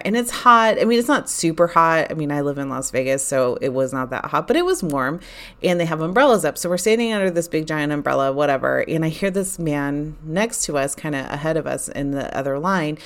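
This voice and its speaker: A woman vlogger telling a casual story in a chatty, candid way that often turns exasperated. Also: on the low side. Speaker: vlogger recounting a theme park trip.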